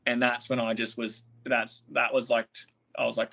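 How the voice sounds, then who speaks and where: A man's voice: medium pitch, level tone, a little fast, creaky, hardly any pauses, pushed and bright. A man, a podcast guest, telling his story in a blunt, aggrieved way with heavy swearing. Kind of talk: candid interview storytelling.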